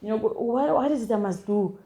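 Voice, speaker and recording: A young woman with a South African accent tells her own story as an interview guest. Her voice sits a little high but sounds mellow. She speaks haltingly and keeps restarting and repeating words. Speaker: guest sharing a personal testimony. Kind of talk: emotional first-person storytelling.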